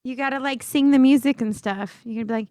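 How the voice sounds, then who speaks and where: A woman's voice: high-pitched, a little fast, warm tone, no room sound, clean studio sound. A woman co-hosting a podcast in casual chat, throwing in wry, teasing one-liners. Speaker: podcast co-host.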